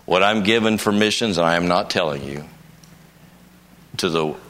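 Older guy preaching, deep voice but bright and punchy, folksy stories, gets emphatic. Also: moderate pace. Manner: folksy storytelling, rising to emphatic bursts. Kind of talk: conference sermon.

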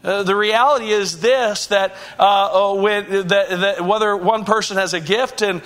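A man's voice: high-pitched, steady tone, normal speed, fairly bright tone. A man preaching a sermon as pastor, earnest, asking rhetorical questions and often restarting his sentences.

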